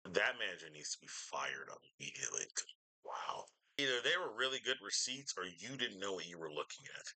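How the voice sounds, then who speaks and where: A man's voice: low voice, very animated, fairly quick, sharp tone, slightly rough, rough recording. A man reacting casually to a clip, blunt, incredulous and swearing freely. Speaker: reaction streamer.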